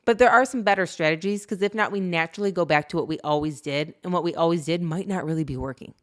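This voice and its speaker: A woman's voice: fairly low pitch, quick pace. A middle-aged woman co-hosting a parenting podcast, telling family stories in a chatty way with frequent laughs. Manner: chatty storytelling, laughs often, frequent "you know". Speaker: podcast co-host. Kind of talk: casual chat.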